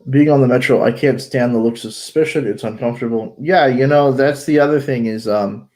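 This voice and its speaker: A man talks in a loose, rambling way, swearing freely and circling back on his words. His voice carries a stuffed-up, allergy-congested sound, and his pitch sits at an ordinary middle level for a man. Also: brisk, a little mellow. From United States. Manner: rambling, blunt, profane, many fillers and restarts. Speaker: vlogger. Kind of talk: casual chat.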